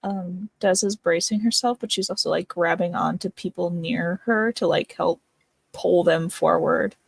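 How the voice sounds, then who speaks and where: Female player with a low, gravelly, husky voice in a dry, close recording. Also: a little slow, dry recording. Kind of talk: casual tabletop play.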